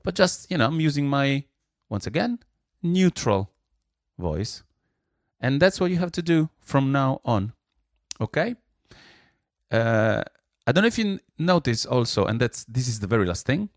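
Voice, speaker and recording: A man's voice: mid-range voice, sing-song, a little slow, no room sound, studio quality. A man teaching singing, explaining and demonstrating exercises with sung syllables. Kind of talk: vocal lesson with sung exercises.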